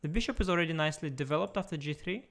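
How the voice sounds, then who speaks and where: Chatty man streaming chess, slightly high voice. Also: racing, creaky, a bit bright. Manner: chatty, playful, talks to viewers while clicking around. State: tired, speaking softly at first. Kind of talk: casual live-stream chat. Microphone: desktop USB mic.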